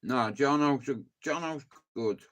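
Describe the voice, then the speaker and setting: A man's voice: medium pitch, measured pace, fairly bright tone. A man with a Dublin Irish accent chatting casually to his livestream viewers, rambling and swearing freely. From Dublin, Ireland.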